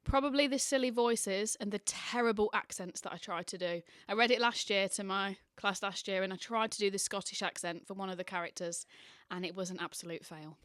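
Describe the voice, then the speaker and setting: A woman who teaches primary school, answering interview questions in a chatty, animated way with many fillers. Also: medium pitch, fairly quick, few pauses, no room sound, studio quality.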